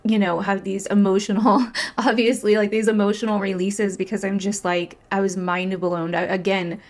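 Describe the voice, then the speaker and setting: A woman astrologer talking to camera in a casual, confessional way, animated, full of "like" fillers and freely swearing. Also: medium pitch, normal speed.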